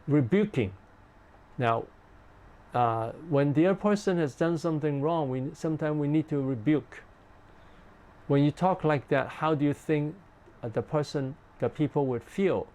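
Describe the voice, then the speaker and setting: A man, a pastor, is leading a ministry training session in an ordinary middle pitch. He speaks in simple, repeated phrases and pauses often on "uh." Now and then he acts out gentle, polite questions that one spouse might ask another. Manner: simple repetitive phrasing with frequent "uh" fillers.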